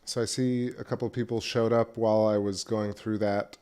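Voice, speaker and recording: Man, low voice, casual livestream host, rambling chat, back porch. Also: level tone, moderate pace, darkish tone, clear, resonant tone. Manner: rambling, chatty, some restarts, chewing while talking. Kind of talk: casual live-stream chat. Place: back porch at home, outdoors.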